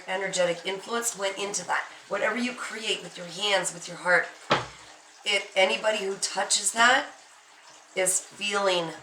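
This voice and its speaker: A woman's voice: fairly low pitch, sharp tone, far from the mic. A woman giving a spiritual tarot reading, speaking emphatically and reassuringly straight to the listener. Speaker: tarot card reader. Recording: echoey room, off-mic, faint noise.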